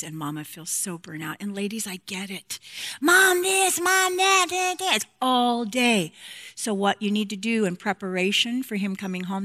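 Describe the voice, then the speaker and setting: Woman giving a frank talk to moms, bright voice, playful and direct. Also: mid-range voice. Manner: warm, frank and playful, acts out quotes. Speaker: speaker on marriage and intimacy. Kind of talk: speaking to a women's group.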